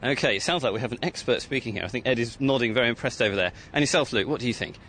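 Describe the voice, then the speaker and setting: A man's voice: mid-range voice, rapid-fire, fairly bright tone, a little hiss or hum. A man reporting live on radio from a field site, enthusiastic, quizzing children and urging listeners to join in. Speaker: outside-broadcast reporter.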